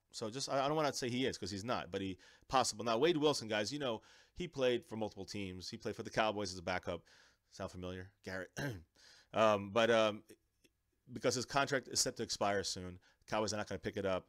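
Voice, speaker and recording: A man hosting a live fan stream, ranting about his football team in a casual, animated way, with many restarts. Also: lowish voice, no room sound, studio quality. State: under the weather. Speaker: fan show host. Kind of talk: live-stream sports rant.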